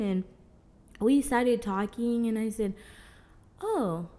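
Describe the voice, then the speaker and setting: A young woman from Mozambique tells stories on a casual interview show, her voice sitting a little high. She acts out the people she met and keeps the tale moving with lots of "like.". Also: slow, long pauses. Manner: animated, acts out quoted dialogue, frequent "like". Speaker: guest.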